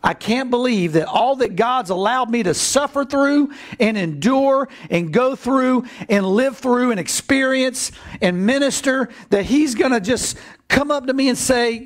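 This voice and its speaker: High-voiced animated male pastor preaching. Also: a little slow. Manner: animated, bursts into excited shouts when acting out scripture. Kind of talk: sermon.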